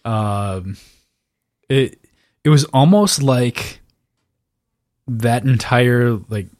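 Slow-talking man, wry and rambling. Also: medium pitch, darkish tone, no room sound, clean studio sound. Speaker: podcast co-host. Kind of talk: casual book discussion.

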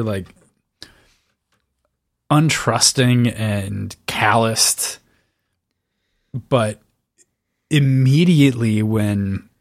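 A man's voice: lowish voice, no room sound, studio quality. A man co-hosting a casual book discussion, rambling and making wry jokes. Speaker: podcast co-host.

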